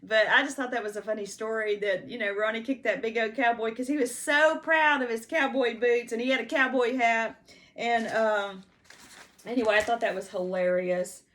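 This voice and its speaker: A woman in her fifties with a slightly high voice tells her life story in a loose, meandering way. She fills her sentences with "you know," trips over restarts and stops to glance at her written notes. The talk is unscripted and homespun. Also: steady tone, moderate pace, a bit bright. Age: 50s. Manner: rambling, heavy use of "you know" and restarts; checks written notes between stories. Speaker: personal storyteller. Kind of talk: casual life-story monologue.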